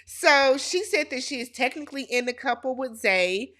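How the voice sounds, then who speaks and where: A woman's voice: high-pitched, animated, moderate pace, sharp tone. A woman host giving a casual, sassy and blunt recap of a reality TV episode.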